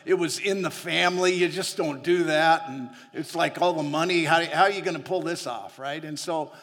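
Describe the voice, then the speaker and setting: Recorded with a long hall reverb, a man with a fairly high, fairly bright voice preaches at a moderate pace. He's a missionary preacher telling personal stories in his sermon, chatty and frequently laughing between lines.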